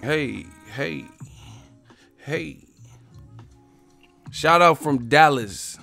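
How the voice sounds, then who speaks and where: A man hosting a boxing live stream, ranting casually and loudly, swearing, mocking and laughing often as he reads the chat. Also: fairly high pitch, animated, extremely slow, gravelly, no echo, soft background music.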